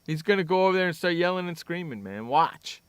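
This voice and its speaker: Ranting sports radio host. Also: male voice, on the high side, animated, fairly quick, fairly bright tone, clear, resonant tone, no echo, studio quality. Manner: blunt, ranting, sarcastic. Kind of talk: opinionated sports talk radio.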